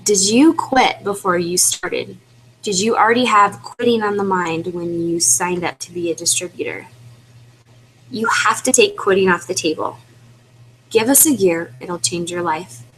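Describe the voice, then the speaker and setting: A woman's voice: medium pitch, measured pace, fairly bright tone, a little hiss or hum, low-quality recording. A woman leading a motivational webinar, talking earnestly and pleading with her team, casual with fillers. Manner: earnest, pleading, repetitive exhortation. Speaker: team leader for independent distributors.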